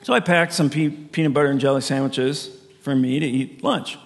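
Gravelly-voiced pastor in echoing hall. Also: male voice, medium pitch, moderate pace. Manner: conversational storytelling with frequent laughs. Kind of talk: sermon. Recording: long reverb of a large hall.

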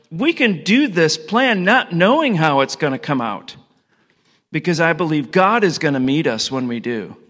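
A man's voice: on the high side, a bit bright. A man voicing a hopeful older woman who trusts God, speaking an earnest inner monologue in a sermon. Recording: long hall reverb.

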